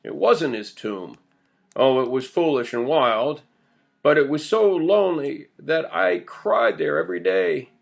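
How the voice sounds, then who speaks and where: A man's voice: a little high, expressive, a little slow, gravelly. A man reading an old villager's first-person tale of his boyhood, told in earnest storytelling. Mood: wistful. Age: older. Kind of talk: audiobook character voice.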